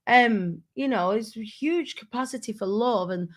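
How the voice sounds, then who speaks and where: A woman's voice: on the high side, a little slow. Candid woman telling stories. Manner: candid, self-mocking, restarts often. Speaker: vlogger. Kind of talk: casual personal storytelling to camera.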